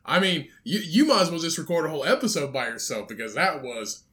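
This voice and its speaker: A man's voice: a little high, expressive, quick pace, a bit bright. A man co-hosting a casual podcast chat, teasing and swearing a lot, often mocking with fake stutters. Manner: teasing and profane, mock stutters. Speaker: podcast co-host.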